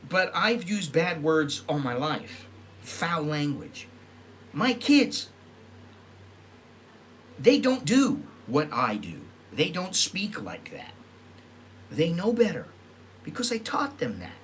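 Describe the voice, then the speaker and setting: A man's voice: a little high, big pitch swings, takes it slowly, pauses often, a little hiss or hum. A middle-aged man from the United States telling stories in a rambling casual monologue, often correcting himself and acting out what people said. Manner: rambling, with self-corrections and acted-out quotes. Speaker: vlogger.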